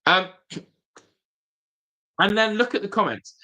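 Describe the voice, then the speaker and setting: A man's voice: on the high side, sing-song, moderate pace, bright, forceful tone. A man hosting a casual football fan stream, talking straight to viewers, emphatic and often repeating his phrases. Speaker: football fan channel host.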